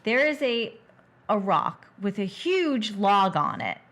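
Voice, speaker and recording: A woman's voice: mid-range voice, sing-song, slow, fairly bright tone. A woman co-hosting a podcast in casual movie-review chat, retelling scenes step by step. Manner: chatty, recounts scenes step by step. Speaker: podcast co-host.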